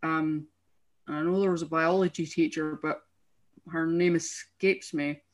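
A woman's voice: sits low, fairly even intonation, measured pace. A woman telling school stories in casual chat, laughing often as she talks.

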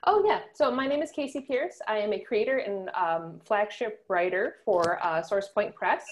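A woman's voice: mid-range voice, normal speed. A woman being interviewed as a guest on a podcast, talking in an upbeat, easygoing way. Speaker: guest, comic book writer. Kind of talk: casual interview chat.

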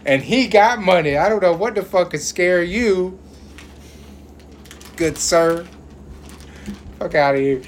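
A man in casual chat, telling stories in a profane, animated, riffing way. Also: high voice, takes it slowly, long pauses. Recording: noisy recording.

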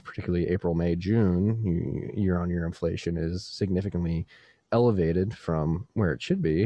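Deep-voiced man ranting, dry sound. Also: warm tone, dry recording. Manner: exasperated, profane ranting. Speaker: podcast co-host. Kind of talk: casual chat.

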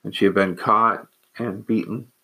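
Male monk storyteller; low, monotone voice, earnest, measured, a little halting. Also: slightly rough. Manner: measured, earnest, with hesitant pauses. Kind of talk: personal storytelling.

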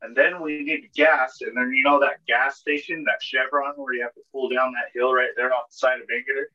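A man tells a long story on a casual podcast, piling on filler words and cursing. His voice is bright and husky. The recording is dull and lo-fi. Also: mid-range voice, fairly even intonation, brisk. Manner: rambling, heavy filler words, swears. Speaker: podcast co-host.

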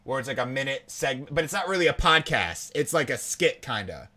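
A man's voice: mid-range voice, sing-song, brisk, sharp tone. Young man, podcast co-host, rambling casual chat, mid-range voice. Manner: rambling, laughs often, quotes people in put-on voices.

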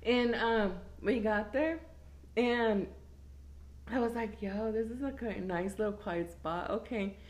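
A young woman, telling a crude story in casual chat, animated and laughing often. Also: on the high side, takes it slowly. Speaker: storyteller guest.

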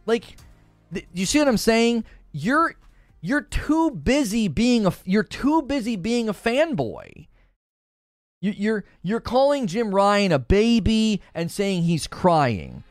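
A fairly high-voiced male streamer delivers heated gaming commentary. His pitch swings widely as he argues, turning sarcastic and mocking. Soft music plays faintly behind him. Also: takes it slowly, no echo, studio quality. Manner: animated, sarcastic, mocks viewers in put-on voices.

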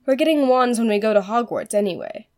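A woman's voice: a little high, lively intonation, quick pace, darkish tone. A woman voicing a haughty, proud young girl heiress with scornful, sulky retorts in a fan audiobook reading.

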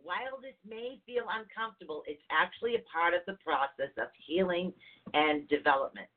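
A woman who is a holistic counselor, co-hosting a casual chat on spiritual growth in a chatty, animated way. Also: lowish voice, brisk. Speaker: podcast co-host, holistic counselor. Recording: tinny phone-like audio.

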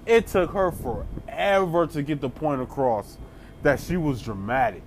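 A man telling a comedic story in a casual, animated way, full of slang and laughing asides. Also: a little high, unhurried, slight background noise.

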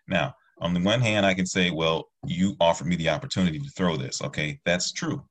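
A man's voice: sits low, fairly even intonation, brisk, few pauses, a bit bright. A man who teaches martial arts, talking earnestly in a rambling, casual discussion with many restarts.

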